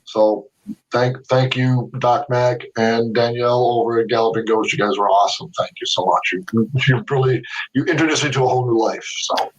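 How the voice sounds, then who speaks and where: A man's voice: mid-range voice, steady tone, normal speed, recorded from a distance, highs cut off. A man telling stories as a podcast interview guest. He laughs often and repeats his words as he goes. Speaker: interview guest, video game artist.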